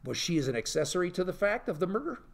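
A man's voice: sits high, fast talker, gravelly. A man, a pastor, teaching an informal Bible study to a live group, often asking rhetorical questions. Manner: animated, peppers talk with rhetorical questions and "okay?".

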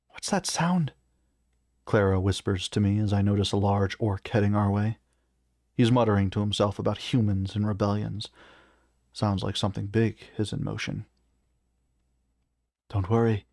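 A man reading a first-person fantasy story aloud in a measured, even narrating manner. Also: lowish voice, gravelly, no echo, studio quality. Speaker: reader.

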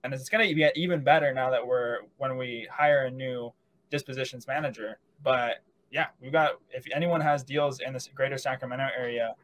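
A man's voice: mid-range voice, fairly quick, fairly bright tone, low-quality recording. A young man who is a guest on a podcast, talking in an easygoing, casual way. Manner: easygoing, laughs often.

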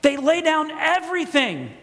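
A man preaching a sermon in a church, telling a story with lively acted-out quotes. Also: very high-pitched, unhurried. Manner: storytelling, animated, acts out quoted voices. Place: church sanctuary. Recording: long reverb of a church.

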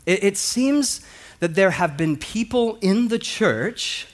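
A man's voice: sits high, animated, slow pace. A male pastor preaching a sermon, telling a personal story and acting out the voices of the people in it.

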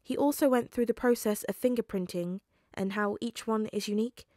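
A woman reading a fan story aloud, voicing a calm, controlled male FBI agent who speaks gently and evenly. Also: a little high, dry recording, studio quality, natural voice. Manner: gentle and measured.

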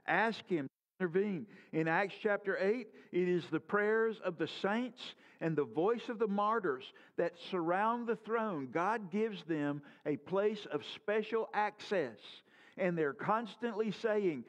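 A man's voice: sits high, lively intonation, a little slow, highs cut off. A man preaching a sermon as pastor, earnest and full of rhetorical questions, his voice rising and falling.

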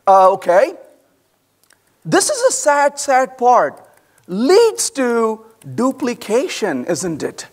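Man, high voice, very lively pitch, conference talk, animated, acts out quotes. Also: slow pace. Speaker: conference speaker. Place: large conference hall.

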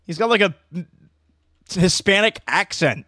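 A male game streamer chatting casually to his viewers, rambling and joking, often stumbling into restarts mid-sentence. His voice sits a little high for a man, and it is recorded close and dry. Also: big pitch swings, normal speed, sharp tone, no room sound.

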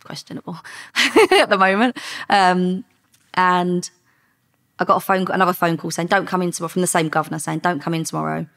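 A middle-aged woman, a former undercover police officer, telling lively stories in a podcast interview and acting out the dialogue. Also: fairly low pitch, a little fast, creaky. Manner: lively anecdotes with quoted dialogue, frequent laughs.

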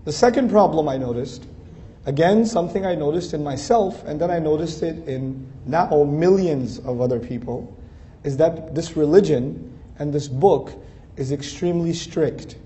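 A man speaks in a conversational lecture style, earnest and persuasive. His voice sits slightly high and has a mellow, relaxed tone. He drives his points home with repeated, emphatic phrases. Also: moderate pace. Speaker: speaker giving an Islamic talk.

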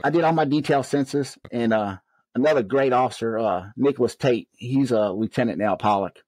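A man's voice: medium pitch, fairly quick, no room sound, rough recording. Man telling work stories, dry sound. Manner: animated, acts out quoted dialogue in raised voices. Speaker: interview guest, former correctional officer. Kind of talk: conversational storytelling.

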